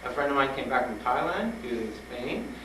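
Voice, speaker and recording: A man speaking to students, telling a personal story with animated retellings and frank urging. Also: medium pitch, fairly quick. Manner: animated, acts out dialogue, laughs often. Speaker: guest speaker at a school. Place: school hall with an audience. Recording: roomy old tape from a distant mic, noisy.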